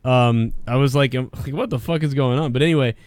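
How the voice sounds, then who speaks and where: A man's voice: medium pitch, brisk, darkish tone, no room sound. A man telling a rambling, crude story in casual chat, often mimicking others.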